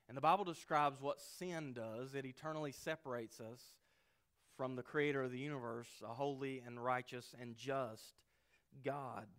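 Earnest preaching man, soft to loud. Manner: earnest preaching, swinging from soft low asides to loud emphatic peaks. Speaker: pastor. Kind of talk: sermon.

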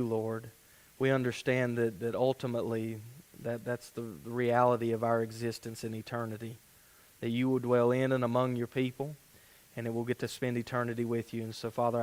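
A man leading a prayer in a hushed, low, reverent voice. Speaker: pastor.

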